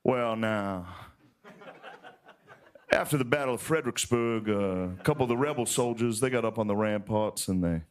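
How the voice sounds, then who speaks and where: A man putting on an old Southern historian who tells slow, folksy stories in a put-on Southern drawl. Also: medium pitch, close to an everyday voice. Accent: put-on American Southern drawl. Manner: slow, folksy, drawn-out storytelling. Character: old male Southern historian, fond storyteller.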